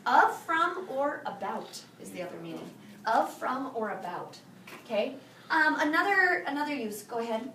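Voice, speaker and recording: A woman teaching a Spanish review lesson to a high school class, firing questions and having students repeat after her. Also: very animated, moderate pace, sharp tone, a little hiss or hum. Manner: drills students with call-and-response questions. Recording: echoey classroom from far off.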